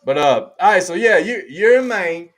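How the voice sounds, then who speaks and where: A man's voice: high-pitched, animated, normal speed, fairly bright tone. A man with a Southern US accent hosting a live stream, chatting casually, laughing often and repeating his phrases. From American South. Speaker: host.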